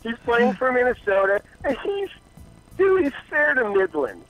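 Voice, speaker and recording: High-voiced man ranting, swearing freely. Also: normal speed, a crowd in the background, low-quality recording. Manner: profane, animated ranting with mocking quoted voices. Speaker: caller. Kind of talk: casual sports rant.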